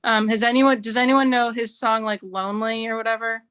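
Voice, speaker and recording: A woman doing a stand-up set at an online open mic. Her voice is bright and a little high, and she talks in a wry, chatty way full of "like"s. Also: little pitch movement, brisk, smooth. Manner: wry, chatty delivery with many "like"s. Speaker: stand-up comedian. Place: remote open mic over video stream.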